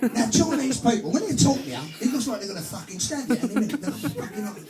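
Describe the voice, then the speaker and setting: A man in his forties with an English accent works a live club crowd with crude, punchy stand-up. His voice sits high. It rings out in an echoey room over music and a loud crowd. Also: animated, quick pace. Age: 40s. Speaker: stand-up comedian. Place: club stage before a live audience.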